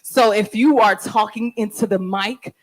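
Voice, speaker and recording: A woman's voice: mid-range voice, a little slow, poor audio. A woman hosting an open mic night on the stage of a live venue, talking into a handheld mic with brash, playful banter and some profanity.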